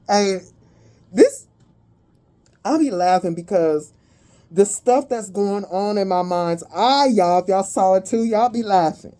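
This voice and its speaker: A woman's voice: mid-range voice, mellow. A woman giving a casual spiritual reading to her viewers, chatty and profane and prone to giggling. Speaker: spiritual card reader.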